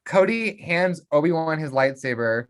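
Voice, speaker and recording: A podcast co-host recapping a film in casual chat, sitting at an ordinary middle pitch. The delivery is lively and playful. Snatches of dialogue get acted out in quick character voices. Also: smooth.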